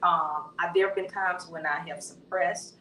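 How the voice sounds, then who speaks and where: A middle-aged woman pastor hosting a candid panel conversation, expressive and playful with colloquial asides. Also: on the low side, normal speed, echoey room, far from the mic, slight background noise, rough recording. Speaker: pastor and host.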